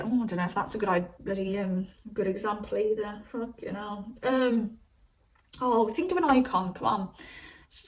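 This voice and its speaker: A woman's voice: medium pitch, recorded from a distance, poor audio. A woman giving a casual tarot reading, chatty and rambling, cursing casually and calling her viewers babes. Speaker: tarot reader.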